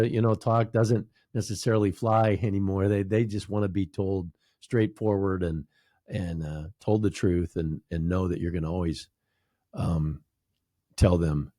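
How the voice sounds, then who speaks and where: A man's voice: deep voice, steady tone, moderate pace, mellow, no echo, studio quality. A man hosting an interview, affirming his guest and linking the guest's points to his own anecdotes. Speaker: podcast host.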